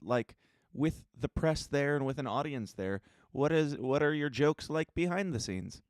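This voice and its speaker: A man's voice: fairly high pitch, animated, a little slow, dry recording. A man co-hosting a casual news podcast, talking in a blunt, exasperated and emphatic way. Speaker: podcast co-host. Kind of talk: casual news-commentary chat.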